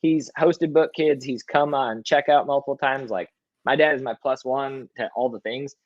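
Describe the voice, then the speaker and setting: Young guy on a podcast in a hotel room, tells stories all animated, cusses, kinda dull dry sound. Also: mid-range voice, normal speed, no room sound. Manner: animated, swears, acts out quotes. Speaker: podcast guest. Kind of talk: casual storytelling.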